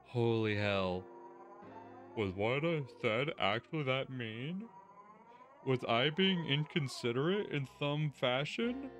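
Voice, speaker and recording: Exasperated, cursing let's-play host. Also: male voice, medium pitch, a little hiss or hum. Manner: exasperated, swears heavily. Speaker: gaming video host. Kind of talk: let's-play commentary, reading game text aloud.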